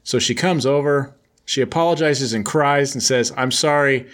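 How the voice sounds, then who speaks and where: A man's voice: mid-range voice, moderate pace. A man casually retelling a comic book plot as a host, in a mid-range voice. His delivery is joking and sarcastic, with loose conversational storytelling.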